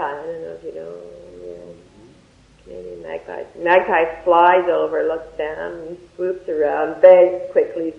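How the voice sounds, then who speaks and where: A Dharma teacher giving a talk in a lively, anecdotal way and closing with a guided meditation. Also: medium pitch, vocal fry. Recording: echoey, dull lo-fi room recording.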